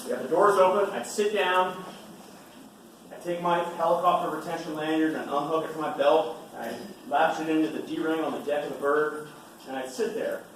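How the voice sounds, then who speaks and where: A man's voice: fairly high pitch, fairly even intonation, normal speed, slight background noise. Emphatic man in an echoing hall. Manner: emphatic, repeats key points. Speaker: retired Navy SEAL speaking to students. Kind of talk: motivational talk. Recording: echoey hall from far off.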